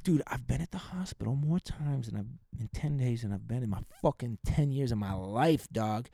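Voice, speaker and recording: A young man hosting a podcast, venting in a rambling, profane, casual monologue and giving shout-outs to listeners. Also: medium pitch, lively intonation, normal speed, creaky, no room sound. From United States. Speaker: podcast host.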